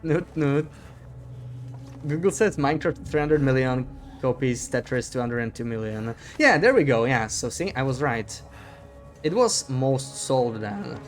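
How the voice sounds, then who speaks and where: Chatty male streamer, mid-pitched voice. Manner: chatty, reads chat aloud, self-deprecating laughs. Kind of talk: casual live-stream chat while gaming.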